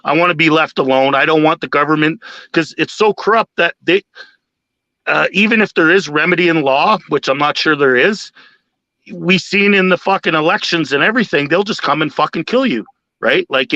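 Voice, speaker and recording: Mężczyzna w swobodnej rozmowie panelowej, mówi chaotycznie i z wahaniem, często przeklina i wtrąca "uh". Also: male voice, fairly high pitch, moderate pace, sharp tone, dry recording, lo-fi sound. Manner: rambling, hesitant, swears often, many fillers. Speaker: panel guest. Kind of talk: casual chat.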